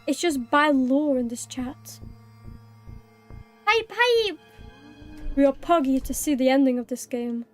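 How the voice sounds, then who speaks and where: A woman's voice: sits high, steady tone, moderate pace, few pauses, a little mellow, faint music behind. A woman live-streaming a game, chatting playfully with viewers, thanking them and meowing like a cat. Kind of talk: live-streamed gameplay chat.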